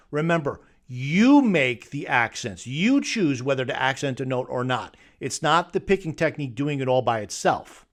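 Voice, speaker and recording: A man's voice: fairly high pitch, a bit bright. A man teaching guitar technique, emphatically debunking myths and firing off rhetorical questions. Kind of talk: instructional talk to camera.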